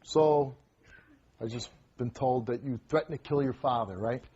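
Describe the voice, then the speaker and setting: A man's voice: medium pitch, normal speed, warm tone, dull audio, slight background noise. A man hosting a confrontational talk show on a TV studio stage, scolding and commanding a teenage guest.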